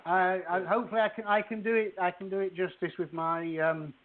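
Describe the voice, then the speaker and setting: Guy rambling then reading an excerpt, highish voice, tinny phone sound. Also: fairly even intonation, fairly quick. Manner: rambling, many restarts. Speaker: author guest. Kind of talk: casual podcast chat and book reading. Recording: tinny phone-like call audio.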